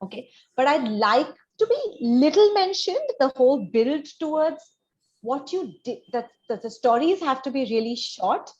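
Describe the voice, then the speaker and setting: A woman's voice: sits high, animated, moderate pace, darkish tone. A woman counseling a student on an admissions essay over a video call, in a reflective way that builds on vivid example stories. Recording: dull, lo-fi video call audio.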